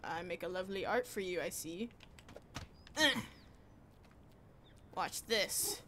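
A woman's voice: on the low side, slow pace, pushed and bright, slight background noise. A young woman casually commenting on a game as she plays, playful and chatty with sing-song bits. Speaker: gaming streamer.

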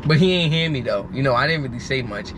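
A man's voice: medium pitch, expressive, quick pace, background noise. A young man vlogging from a car, telling loose, slangy, rambling stories in casual chat. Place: parked car outdoors.

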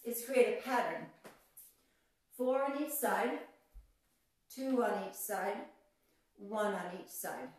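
A woman's voice: a little high, a little mellow. A woman teaching a belly dance class, chatty and encouraging, counting steps aloud. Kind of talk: live online dance lesson. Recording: echoey room, voice from far off, faint music.

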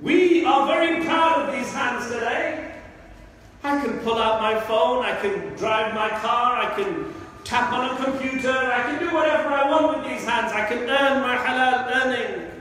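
A man's voice: very high-pitched, measured pace, pushed and bright, a little hiss or hum. A man, an imam delivering an impassioned, emotional sermon in a mosque hall. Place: large mosque prayer hall. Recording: echoey hall from far off.

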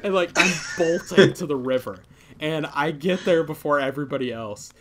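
A young man hosts a casual podcast and tells a long story, animated, laughing through it and using plenty of fillers. His voice sits a little high, and a faint hiss runs under the recording. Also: moderate pace. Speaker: podcast host.

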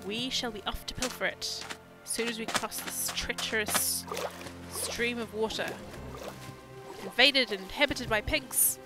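A woman's voice: on the high side, normal speed. A woman hosting a video game let's play with casual, playful commentary, now and then slipping into mock pirate talk. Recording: loud background music.

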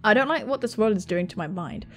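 A woman voicing a troubled man lost in a strange game world, reading his dialogue in a quiet, brooding way. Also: mid-range voice, lively intonation, fast talker, music in the background, voice pushed down, lightly acted.

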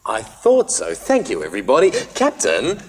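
A man's voice: mid-range voice, wildly swooping pitch, normal speed, long reverb tail. A man hosting a children's show, talking in a playful, mock-puzzled way. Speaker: children's entertainer host.

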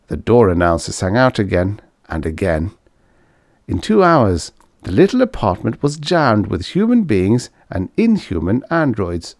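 A man narrating a short story in an expressive storytelling manner. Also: fairly low pitch, measured pace, dry recording, studio quality. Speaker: audiobook narrator. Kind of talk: scripted narration.

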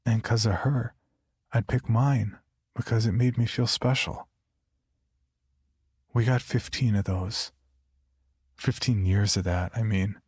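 A man narrating a horror story in a quiet, halting, subdued first-person voice. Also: fairly low pitch, fairly even intonation, breathy edge, dry recording, clean studio sound.

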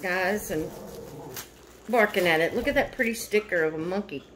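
A woman's voice: lowish voice, moderate pace. A woman vlogger in a casual unboxing chat at home, gushing and repeatedly thanking and exclaiming over each item. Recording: noisy home recording. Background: household noise, dog barking.

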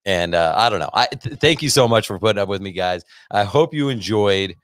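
A man's voice: fairly low pitch, lively intonation, brisk, no echo, studio quality. A man hosting a business podcast, talking casually and energetically, often repeating himself. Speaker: podcast host and business coach. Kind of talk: casual monologue.

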